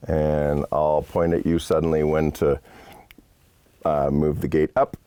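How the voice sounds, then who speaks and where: Deep gravelly guy explaining horn articulation, dark dry sound. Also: level tone, unhurried, no echo. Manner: patient, explanatory, casual asides. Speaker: horn teacher. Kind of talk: instructional lesson. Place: studio set.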